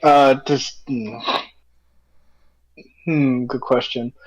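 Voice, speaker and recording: A man's voice: medium pitch, fairly even intonation, very slow, poor audio. A man playing a tabletop game, hesitant and thinking aloud about his next move. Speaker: player.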